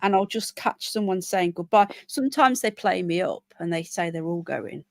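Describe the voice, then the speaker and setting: Here a British English-speaking woman hosts a casual live stream at normal speed, her fairly low voice showing vocal fry, with no echo. Chatty and meandering, she reads figures aloud with frequent fillers.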